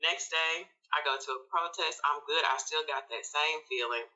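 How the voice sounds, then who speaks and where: A woman tells a personal story with a sharp, very bright tone, throwing herself into her own quoted words with big jumps in pitch. Her voice comes from a distance over a dull, lo-fi remote line. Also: moderate pace. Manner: laughs and sighs while telling. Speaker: podcast guest, social worker. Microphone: remote call.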